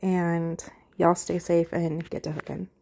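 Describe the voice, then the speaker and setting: A woman podcast co-host giving a halting, heartfelt update with many fillers, close to tears. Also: fairly low pitch, flat delivery, vocal fry, warm tone, slight background noise. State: emotional, holding back tears.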